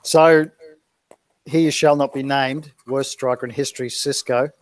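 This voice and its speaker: A man's voice: mid-range voice, fairly even intonation, unhurried, no echo. A man hosting a live football quiz over a video call, reading out multiple-choice answers in a sing-song list. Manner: reads multiple-choice options out in a lilting list. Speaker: quizmaster. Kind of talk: live quiz stream chat.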